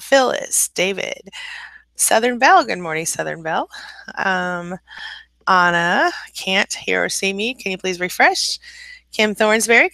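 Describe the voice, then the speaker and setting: A woman's voice: medium pitch, vocal fry, sharp tone, no room sound. A woman hosting a casual live-stream coaching chat, laughing often, greeting viewers by name and giving encouraging advice. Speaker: life coach and channel host.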